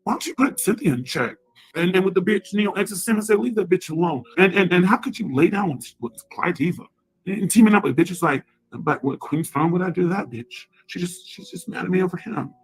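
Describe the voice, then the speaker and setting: A woman's voice: lowish voice, animated, a little fast, slightly rough, rough recording. A woman in a profane, rambling angry rant, taunting and repeating herself.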